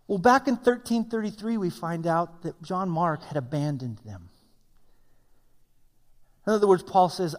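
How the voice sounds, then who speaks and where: A man preaching a sermon as pastor, telling the story in a conversational, animated way. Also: a little high, normal speed. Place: church sanctuary. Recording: long hall reverb.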